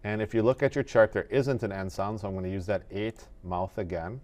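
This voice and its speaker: A man teaching animation in a screen-recorded tutorial, explaining each step in a methodical, relaxed way. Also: on the low side, a little fast.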